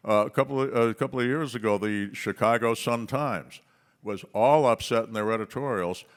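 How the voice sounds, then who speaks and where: A man giving a speech at a policy conference, telling stories with forceful, punchy emphasis and pauses. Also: medium pitch. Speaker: conference speaker.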